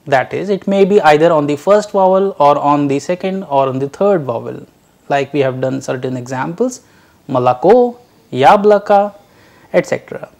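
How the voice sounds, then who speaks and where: A man teaching a recorded language lecture, drilling syllables and words slowly and carefully, addressing dear learners. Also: fairly high pitch, vocal fry, a little mellow.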